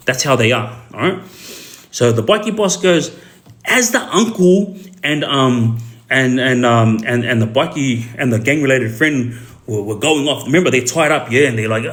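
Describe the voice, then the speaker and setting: A middle-aged Australian man speaks at a mid pitch. He tells a story casually and rambles through it. He fills his talk with "um" and frequent asides to the listener. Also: lively intonation, normal speed. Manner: rambling, full of fillers and asides.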